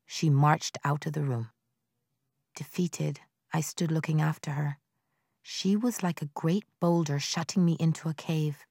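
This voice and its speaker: A woman narrating a novel in the first person, in a measured, quiet storytelling manner. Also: sits low, dry recording, clean studio sound. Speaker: audiobook narrator.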